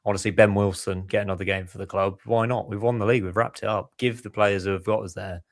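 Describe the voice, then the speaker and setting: A man's voice: lowish voice, fairly even intonation, quick pace, no echo, clean studio sound. A man hosting a casual football podcast, chatty and enthusiastic, steering the conversation. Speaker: podcast host.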